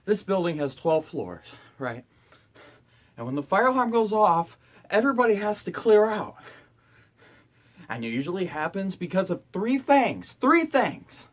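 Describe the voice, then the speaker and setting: A man's voice: sits high, sing-song, normal speed, long pauses. A young man and college student ranting to camera in his dorm room, exasperated and profane. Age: young adult. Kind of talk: ranting vlog.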